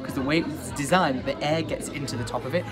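A man vlogging casually from a hotel restaurant, excitable and jokey, swearing casually. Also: fairly high pitch, brisk. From England. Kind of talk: casual vlog chat. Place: hotel restaurant high up a tower, indoors. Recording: music and crowd chatter behind.

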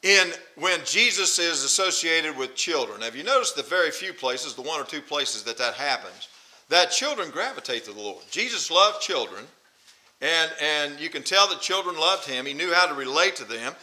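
A male preacher delivers a sermon in a high, ringing voice. His tone is sharp and intense. He hammers each point, repeats key phrases and fires rhetorical questions at the listeners. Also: sing-song, moderate pace, rough recording.

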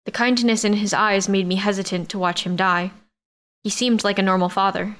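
A woman's voice: medium pitch, fairly even intonation, brisk, a bit bright. Woman reading a sci-fi romance audiobook. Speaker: audiobook narrator. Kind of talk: scripted first-person narration.

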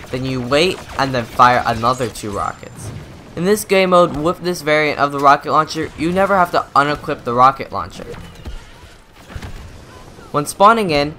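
Bright-voiced young man explaining game tips. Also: fairly high pitch, slight background noise. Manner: methodical, instructive. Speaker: gaming YouTuber. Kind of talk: scripted gameplay tutorial voice-over.

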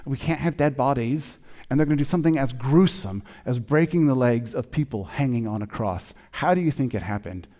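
Guy preaching a sermon at church, chatty and emphatic, goes real quiet on the big lines, regular mid-pitched voice. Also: expressive, brisk, few pauses. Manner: conversational, emphatic preaching with sudden quiet drops. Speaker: pastor.

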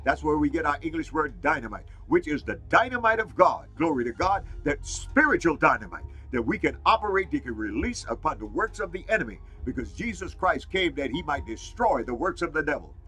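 A man preaches a fiery sermon, stacking up repeated phrases for emphasis. His voice sits a little high, bright and edged, with a husky grain. Soft music plays faintly behind him. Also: sing-song, brisk, few pauses, poor audio. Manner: exclaims "Glory to God" and "Hallelujah" often.

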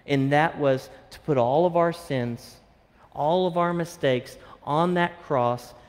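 A man preaching a sermon as pastor, reading scripture and explaining it with fillers and restarts. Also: medium pitch. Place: church sanctuary. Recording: long church hall reverb.

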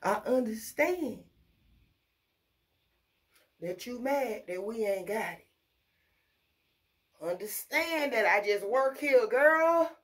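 Woman, slightly high voice, blunt profane venting, casual vlog rant. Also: expressive. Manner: blunt, profane, venting about her fast-food job. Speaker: vlogger.

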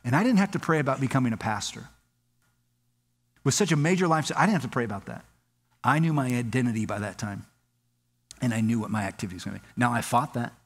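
Animated male pastor in a reverberant church. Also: quick pace, long pauses, slightly rough. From Southern California. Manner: animated storytelling, acts out quoted dialogue with rising pitch. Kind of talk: sermon. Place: church sanctuary.

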